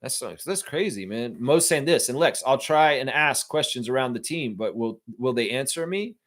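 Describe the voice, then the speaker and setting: A man's voice: mid-range voice, animated, moderate pace. A man hosting a sports-fan live stream, chatting loosely, swearing and reading viewer comments. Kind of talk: casual live-stream chat.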